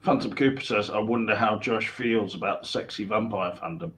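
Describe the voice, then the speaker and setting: A man with a lowish voice who chats casually and keeps challenging the other host with dry, teasing questions. He reads out viewer comments and jokes along. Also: brisk, fairly bright tone. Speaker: podcast co-host. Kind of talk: casual chat.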